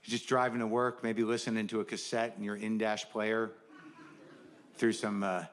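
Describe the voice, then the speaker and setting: A man's voice: fairly low pitch, flat delivery, normal speed, background noise. A middle-aged man doing a stand-up comedy set, riffing in a wry, sardonic, conversational way.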